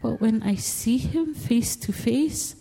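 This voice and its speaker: A woman's voice: a little high, slow pace, gravelly, dark tone. A woman giving an earnest, emotional testimony as a guest speaker in a church, repeating phrases with feeling. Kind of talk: heartfelt spoken testimony. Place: church sanctuary. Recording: long reverb of a large hall.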